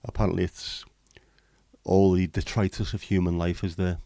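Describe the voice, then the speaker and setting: A man hosting a relaxed livestream, rambling between jokes and greetings to viewers. His voice sits very low with a dark, mellow tone. He talks in a flat, even line. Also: a little fast, no room sound, clean studio sound. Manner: rambling, jokey, chatting to viewers. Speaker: livestream host. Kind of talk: casual livestream chat.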